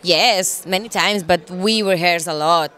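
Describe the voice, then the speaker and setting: Singer, halting English. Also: female voice, lowish voice, fairly bright tone, some chatter behind. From Cuba. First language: Spanish. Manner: halting English, searching for words, playful. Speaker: singer, interview guest. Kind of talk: casual interview chat.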